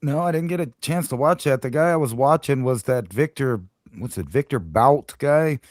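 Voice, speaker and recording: A man's voice: medium pitch, lively intonation, normal speed, a little mellow, no room sound. Hesitant man on a dry line. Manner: rambling, hesitant, many fillers. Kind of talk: casual chat on a live show.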